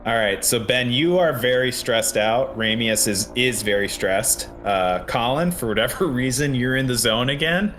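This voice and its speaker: A man's voice: medium pitch, normal speed, hardly any pauses, fairly bright tone, a little hiss or hum. A man narrating a tabletop game as game master, rambling, with many fillers and restarts.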